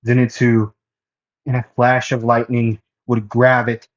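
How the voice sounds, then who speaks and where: A man's voice: medium pitch, monotone, a little slow. A man casually narrating a fan-made story, rambling with many fillers and self-corrections, on a dull lo-fi recording.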